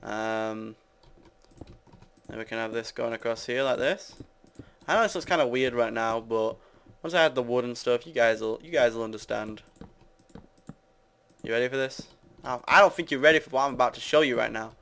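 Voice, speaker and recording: A man's voice: mid-range voice, normal speed, long pauses, fairly bright tone, clean tone. Rambling young British man gaming. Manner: rambling, self-mocking, chatty with viewers. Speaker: gamer. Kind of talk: casual Let's Play commentary.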